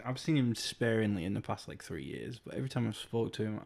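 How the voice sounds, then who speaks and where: A man's voice: fairly low pitch, expressive, fast, vocal fry, a little mellow. A young man with a Yorkshire accent, co-hosting a podcast and telling stories in a laid-back, jokey way. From Yorkshire, England. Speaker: podcast co-host. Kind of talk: casual chat.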